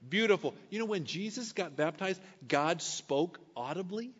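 A man's voice: sits high, expressive, normal speed, fairly bright tone, husky. A male pastor preaching a sermon, reading scripture and adding casual conversational asides. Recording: echoey hall, dull lo-fi sound.

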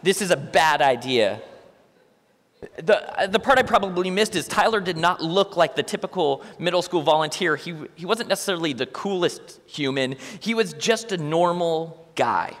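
A man's voice: a little high, expressive, moderate pace, a bit bright, in a large hall. A young man telling a church audience his own story in a talk, acting out both sides of conversations with dry humor. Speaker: speaker sharing a testimony.

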